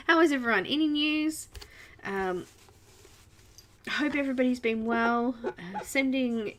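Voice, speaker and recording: A woman's voice: on the high side, slow, pauses often, fairly bright tone, slight background noise. An Australian woman hosting a casual livestream, chatting away and greeting viewers by name. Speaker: livestream host.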